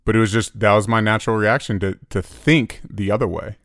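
A man's voice: on the low side, steady tone, a little fast, a bit bright. A man in his thirties co-hosting a casual podcast, telling a story in an earnest, reflective way. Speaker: podcast co-host.

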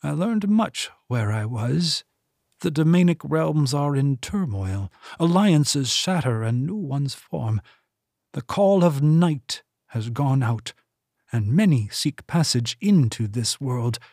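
A man voicing a commanding older woman religious leader in an audiobook, speaking in a stern, imperious, measured way. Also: mid-range voice, lively intonation, darkish tone, no room sound, clean studio sound. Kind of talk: audiobook character voice.

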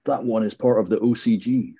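A man's voice: on the low side, fairly even intonation, a little fast, mellow, slightly rough. A man co-hosting a podcast in casual chat, dry and teasing, often restarting his sentences. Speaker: podcast co-host.

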